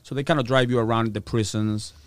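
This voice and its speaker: A man's voice: medium pitch, fairly quick, no echo. A man with a Spanish-influenced accent telling his story in casual talk, acting out the people he quotes and swearing freely. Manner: animated, acts out quotes, swears. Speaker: guest.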